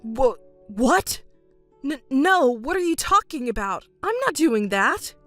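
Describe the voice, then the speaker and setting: A woman's voice: a little high, expressive, a little slow, fairly bright tone, no echo, faint music behind. A woman reading a pleading, deceitful ex-boyfriend. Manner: pleading, evasive. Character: sheepish, deceitful young male ex-boyfriend.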